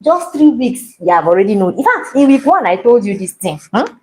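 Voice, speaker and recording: Woman in her 30s, baking teacher, lively expressive pitch, dramatic storyteller. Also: brisk, low-quality recording. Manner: animated, dramatic storytelling with playful asides. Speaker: baking instructor. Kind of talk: live baking class with storytelling.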